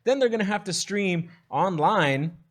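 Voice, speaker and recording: A man's voice: high-pitched, expressive, measured pace. A man on a casual movie panel, laid-back, talking through his points step by step.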